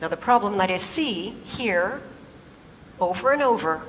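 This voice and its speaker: A woman's voice: mid-range voice, a little slow, slight background noise. Woman speaking in an echoing hall. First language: English. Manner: lively, humorous, addresses the audience. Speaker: conference speaker. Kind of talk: storytelling talk on stage. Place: large auditorium.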